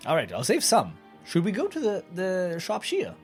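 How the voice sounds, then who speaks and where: A player at a tabletop game whose voice swoops wildly up and down, full of quick questions and laughter-ready chatter. Soft music sits under the talk. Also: mid-range voice, huge pitch swings. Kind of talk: casual game play.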